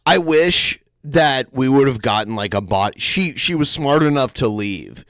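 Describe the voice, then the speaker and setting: A man's voice: medium pitch, unhurried, background noise. A man hosting a podcast, sarcastically commenting on a video clip. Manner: sarcastic, lively mimicry. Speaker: podcast host.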